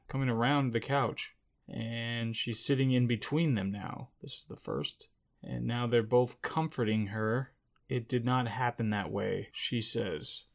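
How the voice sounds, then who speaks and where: Creaky-voiced man reacting to a film. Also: medium pitch. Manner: jittery running commentary, muttering then exclaiming. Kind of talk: live reaction commentary.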